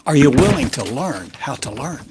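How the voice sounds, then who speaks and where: Very animated and at a normal speed, this man channels a sermon as a spiritual teacher, hurling rhetorical questions in clipped, fragmented bursts that alternate between loud stresses and hushed low dips. Background noise runs behind him.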